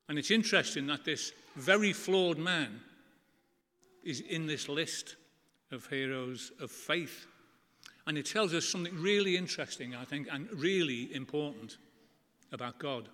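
A middle-aged man preaches in an earnest, conversational way, leaning on emphatic pauses. His voice sits a little high and rings bright and forceful. A long church reverb trails after each phrase. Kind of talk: sermon.

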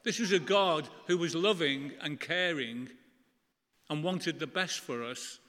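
A middle-aged man preaches in an earnest, conversational way, leaning on emphatic pauses. His voice sits a little high and rings bright and forceful. A long church reverb trails after each phrase. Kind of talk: sermon.

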